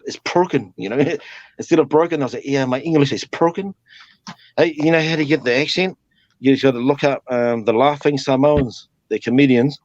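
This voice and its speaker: A man's voice: medium pitch, fairly quick, darkish tone, dry recording. A man from New Zealand with a New Zealand accent, chatting casually as a guest on a live stream, rambling, laughing often and swearing casually. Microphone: video call. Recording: muffled video-call audio.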